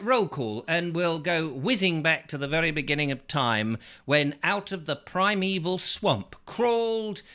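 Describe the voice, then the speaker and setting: Lively whimsical show host. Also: male voice, fairly high pitch. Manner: whimsical, absurd asides, silly noises. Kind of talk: rambling comic monologue.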